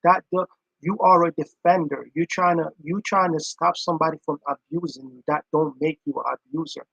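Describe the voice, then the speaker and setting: A man's voice: a little high, steady tone, fairly quick, vocal fry, a bit bright, breathy edge, dry recording, poor audio. A man, talking in casual reaction commentary, earnest and repetitive in his emphasis.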